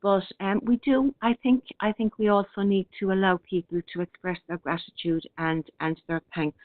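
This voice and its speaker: A middle-aged woman hosting an online radio show, speaking gently and hesitantly as she chats and reads out listener comments. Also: mid-range voice, steady tone, dry recording. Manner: gentle, unhurried, with many hesitations and restarts. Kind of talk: casual spiritual talk, reading out listener comments. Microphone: online radio broadcast. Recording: thin phone-like line, dry.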